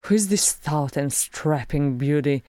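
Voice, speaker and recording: Old dwarf dad, gruff and wheezy but soft, as a woman reads him, low and slow. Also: no echo, studio quality. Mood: tender. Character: gruff old male dwarf warrior, tender father.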